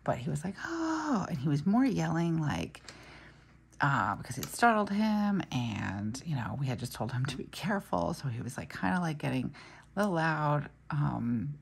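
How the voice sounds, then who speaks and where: A woman with a very deep voice and a gravelly edge chats casually about her week while she fills in a planner. She rambles through her stories with frequent asides, and a faint hiss sits under the recording. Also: big pitch swings, moderate pace. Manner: chatty, storytelling, trails off into asides. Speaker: planner vlogger.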